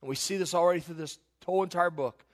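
A pastor in his forties preaching a sermon, telling stories and building in volume and pitch on key points, often restarting phrases. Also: fast. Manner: storytelling, swells louder and higher on key points.

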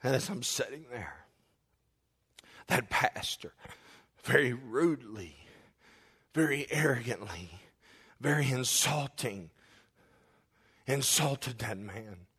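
A male pastor delivers an impassioned sermon with a husky, breathy edge to his voice. He prays aloud, rising to loud cries and then dropping to hushed whispers. His pitch sits in an ordinary middle register. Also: animated, takes it slowly, pauses often. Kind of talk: sermon with spoken prayer.

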